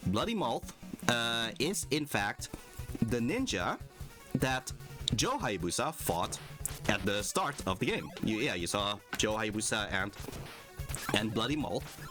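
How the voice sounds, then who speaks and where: A man's voice: on the low side, big pitch swings, measured pace, long pauses, fairly bright tone. A male game streamer giving casual, rambling commentary over his playthrough and laughing often. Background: game music.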